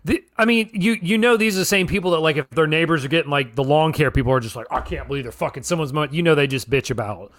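A man's voice: fairly high pitch, fast, hardly any pauses, fairly bright tone. A young man co-hosting a podcast, chatting casually and agreeably, with some swearing. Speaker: podcast co-host. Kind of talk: casual chat.

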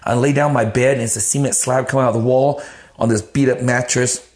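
A man telling his life story in an interview, blunt and animated, swearing freely. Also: medium pitch, a little fast. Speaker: interview guest. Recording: roomy echo.

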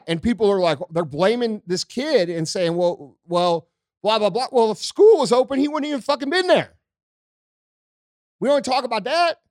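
A man's voice: extremely high pitch, dry recording, studio quality. An American man ranting angrily on a podcast, swearing constantly. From United States. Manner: angry, profane ranting. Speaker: podcast co-host.

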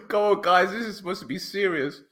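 A man co-hosting a football chat who jokes and laughs constantly. His voice leaps widely in pitch and sits a bit high for a man. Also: big pitch swings, normal speed, fairly bright tone. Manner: jokey, laughs a lot. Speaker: podcast co-host.

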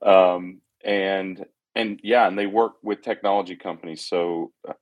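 A man co-hosting a livestream in casual chat, relaxed, with dry joking asides. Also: low-pitched, a little slow. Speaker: co-host.

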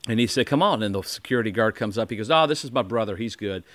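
Fast-talking, with a voice on the low side, a Midwestern podcast host spins a long, animated story in casual conversation. He acts out others' quotes and frequently restarts, and the recording has no room sound.

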